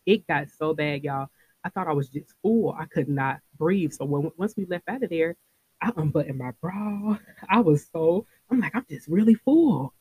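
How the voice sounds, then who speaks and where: A woman in her thirties hosting a podcast, telling a personal story in a casual, animated way and talking straight to her listeners. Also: deep voice, moderate pace, slightly rough, no room sound, phone-quality sound. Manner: animated, talks straight to listeners, laughs often. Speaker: podcast host.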